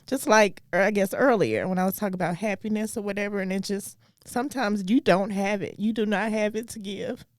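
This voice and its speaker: A woman's voice: mid-range voice, a little fast, hardly any pauses, no echo, clean studio sound. A woman co-hosting a casual chat, talking through faith in an earnest, thoughtful way. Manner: earnest, thoughtful, gets briefly emotional. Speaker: comedian and co-host.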